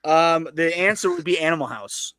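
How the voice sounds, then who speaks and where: A man co-hosting a live podcast, an animated storyteller who swears freely in casual chat. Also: a little high, moderate pace, clear, resonant tone, no room sound, studio quality. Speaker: co-host.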